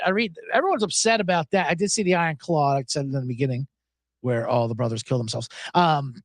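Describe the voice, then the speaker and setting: Animated rambling sports-betting host. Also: male voice, a little high, no room sound, clean studio sound. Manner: rambling, profane, sarcastic asides. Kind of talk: casual solo chat.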